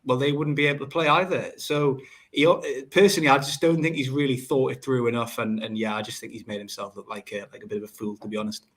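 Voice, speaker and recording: A man's voice: mid-range voice, fairly even intonation, quick pace, fairly bright tone. English man, easygoing podcast co-host, agreeable, mid-range voice. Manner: easygoing, agreeable, says mate a lot. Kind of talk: casual football podcast chat.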